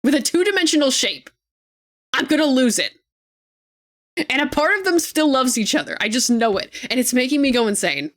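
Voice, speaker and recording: Excitable young woman streamer, slightly high. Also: brisk. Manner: excitable and gushing, swears freely, laughs often. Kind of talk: casual live-stream chat.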